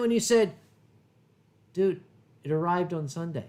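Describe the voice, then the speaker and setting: A man's voice: sits high, animated, normal speed, pauses often, a little mellow. A middle-aged man hosting a casual drinking livestream, profane and anecdotal, telling stories and slipping into funny voices. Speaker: convention chairman and show host.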